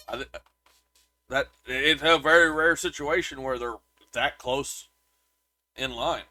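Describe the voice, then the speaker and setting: A man's voice: mid-range voice, slow, pushed and bright. A man co-hosting a podcast, chatting casually about a movie and reading reviews aloud, with lots of restarts. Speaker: podcast co-host.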